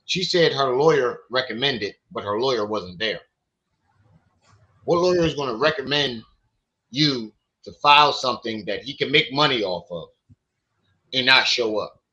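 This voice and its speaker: A man's voice: medium pitch, expressive, normal speed, pauses often, sharp tone, muffled recording. A man hosting a livestream, telling profane stories in casual chat and acting out what other people said. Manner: profane, storytelling, acts out quotes. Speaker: livestream host.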